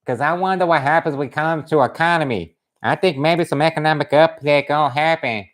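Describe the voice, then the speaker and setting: Brief: a man doing an angry swearing wall-builder in broken English, pitched a bit high, for a livestream. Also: a little fast, a bit bright, lightly acted. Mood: musing. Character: furious foul-mouthed man guarding his wall. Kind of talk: comic put-on voice on a livestream.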